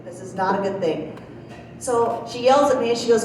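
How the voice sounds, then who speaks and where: Middle-aged woman, stand-up comic, folksy storyteller, fairly high voice, very echoey room, heard from a distance. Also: moderate pace. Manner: folksy storytelling, chuckles at her own jokes. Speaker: stand-up comedian. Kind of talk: stand-up comedy set. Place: small comedy club stage. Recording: very echoey room, from afar, faint noise.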